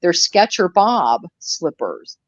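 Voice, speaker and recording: A woman's voice: lowish voice, big pitch swings, slow pace, dry recording. Chatty, swearing woman on lo-fi audio. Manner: rambling, chatty storyteller who swears freely. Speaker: live commentary co-host. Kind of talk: casual chat. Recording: dry, slightly dull lo-fi audio.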